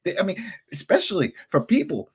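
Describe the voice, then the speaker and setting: A man hosting a podcast, ranting angrily and animatedly with sudden jumps in pitch. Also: huge pitch swings, a little fast, husky. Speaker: podcast host. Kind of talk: heated podcast rant.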